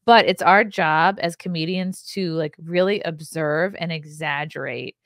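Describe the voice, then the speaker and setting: A woman's voice: low-pitched, unhurried, a bit bright, dry recording, clean studio sound. A woman comedian hosting a podcast, chatting casually and reacting with enthusiasm.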